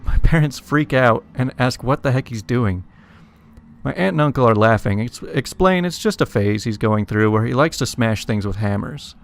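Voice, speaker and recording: A man with a medium-pitched, expressive, creaky voice reads funny internet stories aloud at normal speed. He chuckles casually and adds wry asides between them, with faint music in the background.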